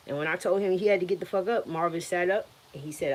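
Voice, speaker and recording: Woman with a real low voice telling her story, blunt and swears a lot. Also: quick pace, hardly any pauses. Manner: blunt, profane, animated retelling. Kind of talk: emotional personal storytelling.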